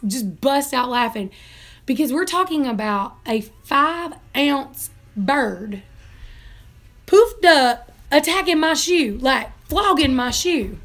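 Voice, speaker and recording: A woman's voice: high voice, fairly bright tone. A young woman chatting casually in a home vlog, telling rambling stories and laughing often. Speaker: vlogger.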